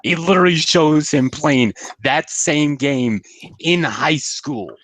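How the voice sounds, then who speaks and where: A man's voice: fairly high pitch, takes it slowly, a bit bright, no echo. A man co-hosting a cartoon review show, chatting in an offhand, joking way. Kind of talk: casual review chat.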